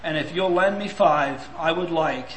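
A man's voice: a little high, unhurried, reverberant, a little hiss or hum, close to an everyday voice, low-quality recording. A man voicing a young boy who earnestly and persistently pleads with his father in a sermon story. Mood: pleading.

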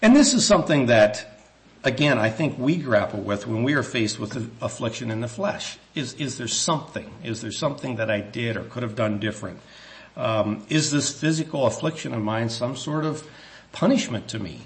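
A man preaching a sermon in a church, earnest and measured, with some hesitant restarts, slowing down when he reads scripture. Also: mid-range voice, expressive.

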